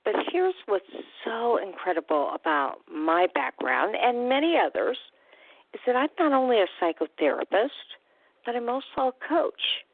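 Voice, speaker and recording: A woman's voice: on the high side, very animated, moderate pace, creaky, dry recording. A woman hosting a radio talk show as a recovery coach, chatty and upbeat, with casual fillers. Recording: tinny phone-line sound, dry.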